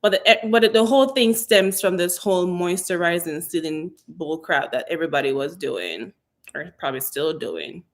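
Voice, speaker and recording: A Jamaican woman with a Jamaican accent hosts a hair care channel's live stream, answering viewers' questions in a casual Q&A. Her voice is fairly low and her pace moderate, and she's sassy, animated, and chatty.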